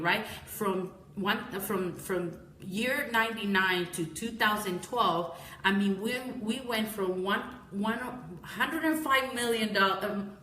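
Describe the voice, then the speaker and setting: A woman's voice: medium pitch, sharp tone, echoey room, slight background noise. A woman giving a casual live-streamed talk on marketing, rambling and correcting herself often, sounding tired and calling her viewers "guys.".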